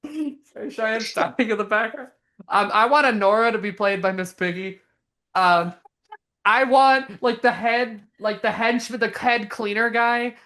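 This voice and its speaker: A young woman co-hosting a podcast, chatting casually in an animated, giggly way with lots of fillers. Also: fairly high pitch, a little slow. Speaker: podcast co-host. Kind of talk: casual chat.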